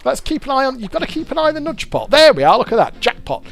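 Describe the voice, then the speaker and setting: A man's voice: very high-pitched, big pitch swings, fast talker, creaky, a bit bright, faint music behind. A British man giving casual, rambling commentary while he plays a fruit machine game and explains its features.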